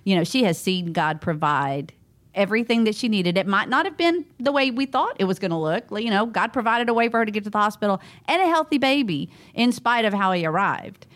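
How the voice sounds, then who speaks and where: An animated woman tells a story in an interview. Her voice sits in an ordinary middle pitch, and she keeps acting out what each person said as she goes. The delivery is conversational and lively. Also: a little fast. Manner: animated, acts out what people said. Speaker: interview guest.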